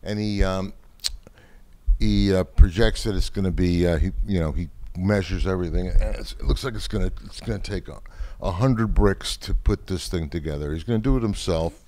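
An older man tells a joke, rambling and full of fillers as he goes. His voice is very deep. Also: moderate pace, darkish tone. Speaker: family member guest. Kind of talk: telling a joke.

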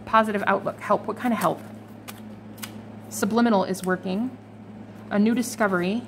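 A woman's voice: medium pitch, steady tone, moderate pace, slight background noise. A woman giving a casual, chatty tarot reading to her viewers, swearing freely and laughing now and then. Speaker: tarot reader.

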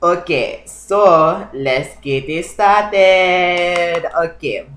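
A man's voice: fairly high pitch, animated, a little slow, a bit bright, reverberant, a little hiss or hum, rough recording. A man voicing a comic character who speaks broken English with Spanish greetings, chatting with strangers on a video chat.

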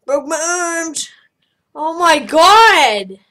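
A woman giving casual let's-play commentary, excitable, crying out loudly at every mishap and then muttering quietly. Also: very high-pitched, drawn-out words. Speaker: gameplay commentator.

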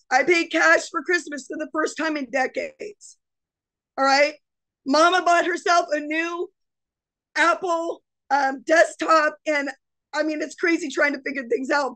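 A middle-aged woman with a high, bright-sitting voice, coaching her listeners in a fervent, sermon-like way. She talks straight at the audience with an urgent, preachy drive. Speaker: mindset coach and guest speaker. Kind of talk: motivational webinar talk.

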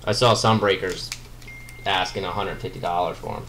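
Low-voiced man chatting through a card break. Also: normal speed, slight background noise. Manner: chatty, excitable, muttering asides while opening packs. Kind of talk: live card-break commentary.

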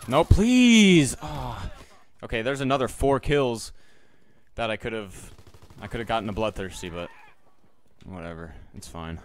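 A man's voice: lowish voice, steady tone, moderate pace, long pauses, a little hiss or hum. A young man talking casually over his own gameplay, joking and muttering to himself and his viewers, with sudden yelps. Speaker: gaming YouTuber. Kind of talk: live gameplay commentary.

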